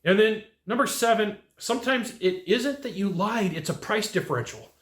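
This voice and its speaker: A man's voice: high voice, moderate pace, roomy sound. A man giving a casual coaching lesson on sales, acting out little bits of dialogue as he goes. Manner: animated, acts out quoted dialogue. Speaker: sales trainer. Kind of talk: coaching talk to camera.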